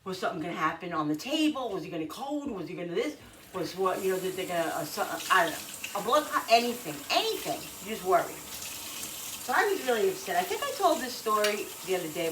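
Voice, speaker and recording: A woman's voice: on the low side, recorded from a distance, background noise. Middle-aged woman vlogger, chatty and emotional, keeps restarting. Taped from across an echoey kitchen with dishes clattering. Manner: rambling, emotional, many restarts and "you know"s. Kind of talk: casual storytelling.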